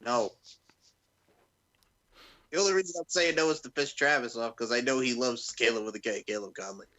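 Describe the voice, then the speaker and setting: Excitable, bright-voiced ranting man. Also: medium pitch, brisk. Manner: loud, excitable and profane, ranting. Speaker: podcast co-host. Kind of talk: casual chat.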